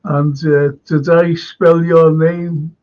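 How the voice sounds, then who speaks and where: Scouse guy hosting a live stream, slow easy talk, bit high voice, reading out comments, muffled lo-fi sound. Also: flat delivery, darkish tone. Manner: chatty, reads viewer comments aloud, laughs often. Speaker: host.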